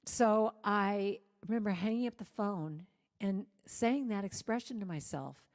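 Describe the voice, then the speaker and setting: A woman singer-songwriter, a guest speaker, telling a self-deprecating personal story to a congregation with lively humor. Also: medium pitch, moderate pace. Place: church sanctuary. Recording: long reverb of a church hall.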